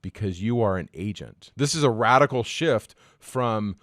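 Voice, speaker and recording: Animated low-voiced man teaching. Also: moderate pace, no room sound, studio quality. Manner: animated, self-deprecating, energetic explaining. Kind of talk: casual podcast discussion.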